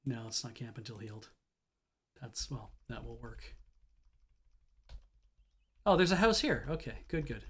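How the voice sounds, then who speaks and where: A man's voice: mid-range voice, sing-song, unhurried, long pauses, breathy edge. A man streaming a game, chatting casually and reading game text aloud as he plays. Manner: reads game text aloud, thinking out loud.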